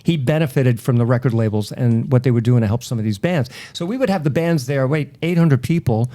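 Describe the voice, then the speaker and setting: A middle-aged radio personality from Long Island, New York, tells animated stories in a casual interview, acting out the voices of the people he quotes. His voice is mid-range and fairly quick.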